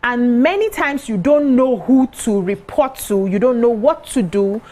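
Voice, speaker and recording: A woman presenting a live TV talk show, speaking in a clear, measured, welcoming way. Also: a little high, lively intonation, warm tone.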